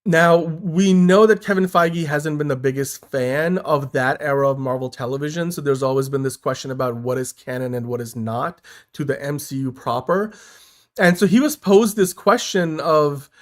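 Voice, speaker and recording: A man's voice: fairly high pitch, moderate pace. A man hosting a casual podcast, talking in an easygoing, reasonable way with lots of fillers. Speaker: podcast host.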